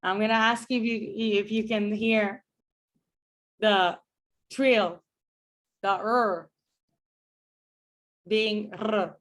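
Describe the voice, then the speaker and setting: A woman professor giving a phonetics lecture to a class, explaining clearly and demonstrating speech sounds slowly. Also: medium pitch, fairly even intonation, a bit bright. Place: classroom with students.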